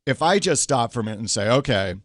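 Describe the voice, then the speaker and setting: A middle-aged man hosting a talk, coaching through conflict with animated stories and acted quotes. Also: mid-range voice, quick pace, no echo, clean studio sound. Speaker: host and coach. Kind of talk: casual talk show conversation.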